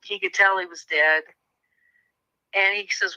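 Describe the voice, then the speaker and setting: Bright-voiced woman telling a story. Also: mid-range voice, normal speed, pauses often, low-quality recording. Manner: animated, acts out quoted voices. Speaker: author guest. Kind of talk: conversational storytelling.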